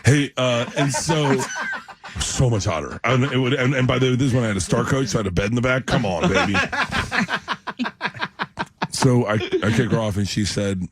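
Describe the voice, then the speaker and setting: A man, a comedian guest in a radio studio, telling rowdy stories full of laughter and quick put-on voices. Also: mid-range voice, noisy background. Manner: laughing, animated storytelling with voices. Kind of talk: rowdy storytelling.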